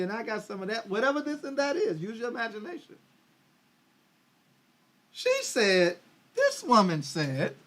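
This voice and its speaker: Man, high-pitched, conversational preacher, reads scripture then riffs. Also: fairly bright tone. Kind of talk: livestreamed Bible teaching. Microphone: livestream microphone.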